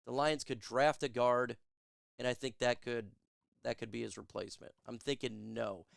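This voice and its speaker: A man's voice: medium pitch, flat delivery, moderate pace, vocal fry, no room sound, studio quality. A man hosting a sports show, chatting casually and answering viewer questions in a joking, chatty way. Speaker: sports podcast host. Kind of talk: casual live Q&A chat.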